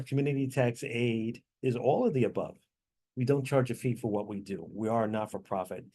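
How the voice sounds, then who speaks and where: A man leading a tax training class over a video call, explaining answers step by step with frequent fillers and quick apologies. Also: mid-range voice, a little mellow.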